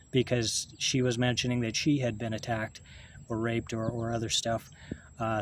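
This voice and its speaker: A man, talking in a halting, rambling monologue to camera, full of restarts and swearing. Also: medium pitch, slight background noise. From Canada.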